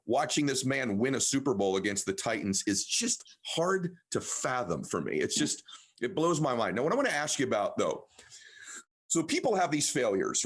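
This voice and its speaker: A middle-aged man hosting an interview, talking with enthusiasm and breaking into excited fast bursts. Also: medium pitch, breathy edge. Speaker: podcast host. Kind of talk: conversational interview.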